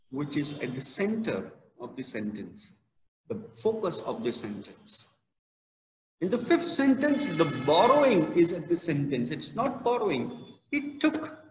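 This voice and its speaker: A man lectures a class, his fairly high voice swinging up and down as he stresses words. He talks unhurriedly and deliberately. The sound rings around a reverberant hall with a long tail. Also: a little hiss or hum. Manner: slow, emphatic, stresses key words. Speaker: college lecturer.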